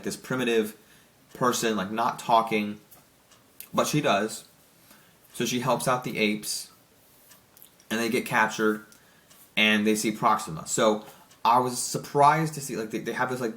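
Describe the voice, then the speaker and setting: A young man reviews a film in a loose, excited ramble, tripping over his words and restarting sentences. His voice sits a little low. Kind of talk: casual spoken movie review.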